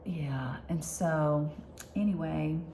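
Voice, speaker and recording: A woman speaking candidly in a personal vlog, halting and heartfelt, with many fillers and moments where she drops to a whisper. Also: low-pitched, dark tone, a little hiss or hum. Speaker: vlogger sharing her illness.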